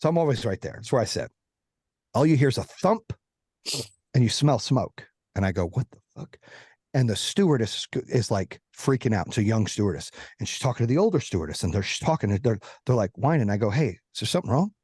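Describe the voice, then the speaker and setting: His voice is mid-range, husky and darkish, with a sing-song lilt. As a podcast guest, this man rattles through a long, profane personal anecdote, voicing the other people's lines himself, in studio-quality audio with no echo.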